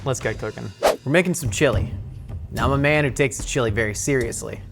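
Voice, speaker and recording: A man hosting a casual, jokey cooking show, excitable and playful, with sudden jumps up in pitch. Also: fast, vocal fry, loud music behind the voice.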